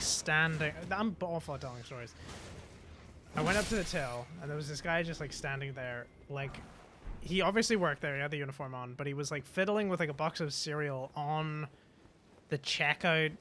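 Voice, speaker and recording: Rambling, sweary young British man. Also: a little high. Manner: halting, swears a lot, many fillers and restarts. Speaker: streamer. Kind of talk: rambling casual storytelling. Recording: steady background noise.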